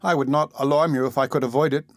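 A man voicing a frail, frightened young lady who speaks in a faltering way, a bit higher than his own voice. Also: steady tone, quick pace, dry recording, close to an everyday voice. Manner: faltering, breathy with fear.

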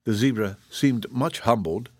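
Man narrating a storybook, steady delivery, dry close sound. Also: mid-range voice, measured pace, no echo. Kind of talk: audiobook reading.

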